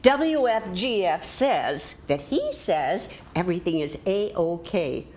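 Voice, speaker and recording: An older woman as a dry, sarcastic friend, drawling slow delivery, faint room noise behind. Her teasing lands flat and knowing. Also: lowish voice.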